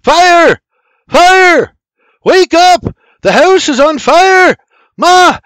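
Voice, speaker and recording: Man playing a panicked young man, frantic shouting, high strained yells, very loud. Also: expressive, very slow, no room sound, clean studio sound, heavily acted. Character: young man screaming to wake family in fire.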